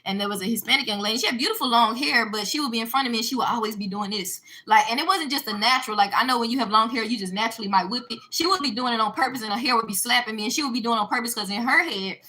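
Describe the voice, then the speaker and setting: A woman's voice: fairly high pitch, rapid-fire, few pauses, sharp tone. A woman giving an emphatic, preachy monologue straight to her viewers, mixing in religious asides. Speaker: online commentator answering a viewer. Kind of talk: casual ranting monologue.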